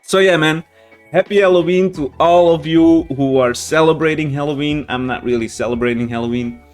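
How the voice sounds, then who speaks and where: Casting chatty swearing man, slightly high voice. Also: moderate pace, clean tone, faint music behind. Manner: rambling, frequent swearing and restarts. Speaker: reaction channel host. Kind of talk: casual storytelling to viewers.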